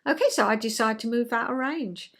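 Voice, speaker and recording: A woman, hosting a chatty vlog and explaining ideas in a gentle, conversational way, acting out little everyday scenes. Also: a little high, brisk. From England. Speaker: vlog host, retired counsellor.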